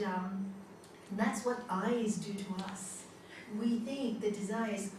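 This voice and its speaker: A woman yoga teacher giving a spiritual talk to a class, telling stories in an animated way and laughing often. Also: medium pitch, background noise. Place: large hall. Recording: echoey hall from far off.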